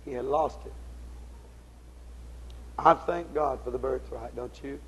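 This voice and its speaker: A man preaching a fiery sermon, in folksy, ungrammatical speech, swinging between shouted exhortation and low, intense tones. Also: a little slow, slight background noise, rough recording.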